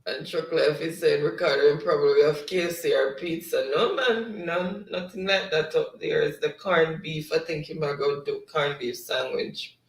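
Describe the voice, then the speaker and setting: A Jamaican man hosts a relaxed livestream, reading the chat aloud and breaking into laughter between comments. His voice sits a little high for a man. He is set back from the mic in an echoey room. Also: moderate pace, hardly any pauses, distant mic.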